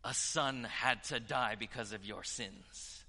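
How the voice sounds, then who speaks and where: A man preaching a sermon with passion, dropping to hushed tones and rising to loud declarations. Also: medium pitch, slow, long reverb tail. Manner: impassioned, swinging from hushed to loud.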